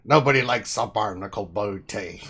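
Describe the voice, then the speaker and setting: A man's voice: fairly low pitch, normal speed, a bit bright. A man hosting a casual live stream, joking around with guests and co-host. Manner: jokey, puts on growly pirate talk.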